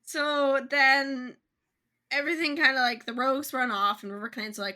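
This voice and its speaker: Bright-voiced young woman podcast co-host. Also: high voice, steady tone. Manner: chatty retelling with quick voiced asides. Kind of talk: casual book podcast chat.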